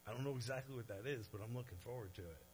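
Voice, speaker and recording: A male pastor preaching in a mid-pitched voice, animated and shifting between hushed and forceful passages. He drops into casual asides to his congregation. A faint hum runs underneath. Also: rapid-fire, low-quality recording. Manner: animated preaching, swinging from soft to loud; conversational asides to the audience. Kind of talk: sermon.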